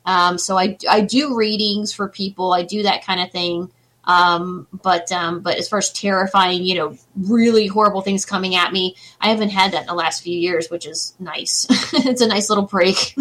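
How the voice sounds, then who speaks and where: A woman's voice: mid-range voice, steady tone, moderate pace, a bit bright, low-quality recording. A woman guest on an interview show who does psychic readings, talking in a reassuring, chatty way. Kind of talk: casual interview chat.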